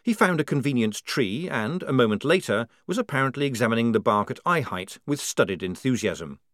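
A man's voice: mid-range voice, a little fast, dry recording, studio quality. Wry male audiobook narrator. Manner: wry, lively storytelling. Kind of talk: storybook narration.

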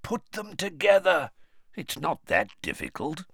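A man reading an audiobook, voicing a gruff, suspicious, grizzled older male wizard with a growl. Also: sits high, sing-song, unhurried, fairly bright tone, dry recording, pitched above the performer's own voice, full character voice.

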